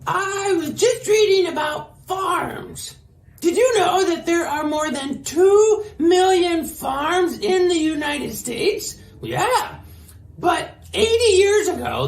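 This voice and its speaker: Brief: a curious young kids'-show character, very high-pitched, slow and wondering, roomy echo. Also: female voice, full character voice. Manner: wondering aloud, sharing facts with soft hums. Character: curious, chatty young character reading up on farms. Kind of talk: children's educational show acting.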